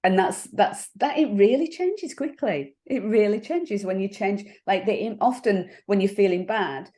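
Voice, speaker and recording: A woman coach talking in a casual interview. She is reflective and halting, and she laughs often as she explains her thinking. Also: medium pitch, mellow. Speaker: NLP coach.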